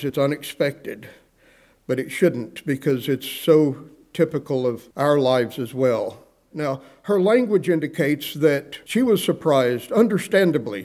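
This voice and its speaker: A man's voice: fairly high pitch, mellow. A man preaching a sermon, earnest, acting out the words of the people in his text and asking his listeners questions. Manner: earnest preaching, acts out quoted speakers; asks the congregation questions. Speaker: pastor.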